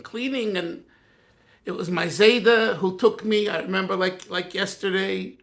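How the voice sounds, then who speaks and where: A man, a Yiddish speaker, reminiscing in a personal talk as a rabbi, earnest and halting with many restarts. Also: high-pitched, fairly bright tone. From United States.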